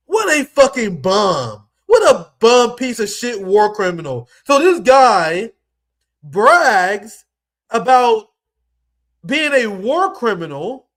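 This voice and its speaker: A man's voice: sits high, a bit bright. A young man giving heated, profane political commentary as a streamer, mocking and ranting at his audience.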